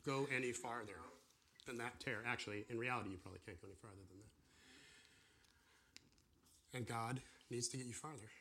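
A man teaching an informal sermon to a class, animated and acting out the voices of people and God. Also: medium pitch, slight background noise. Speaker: pastor or church teacher.

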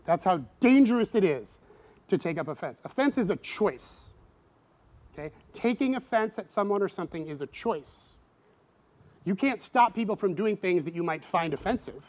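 Animated high-voiced male preacher. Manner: animated, acts out quoted voices with big pitch jumps. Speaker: pastor. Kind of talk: sermon.

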